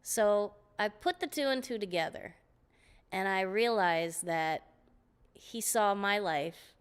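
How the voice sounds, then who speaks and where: A woman guest on an interview show, telling stories in a lively, laughing way, often restarting her sentences. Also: medium pitch, slow, clean tone. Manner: animated, laughing storyteller with frequent restarts. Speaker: guest vocalist. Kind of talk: casual interview storytelling.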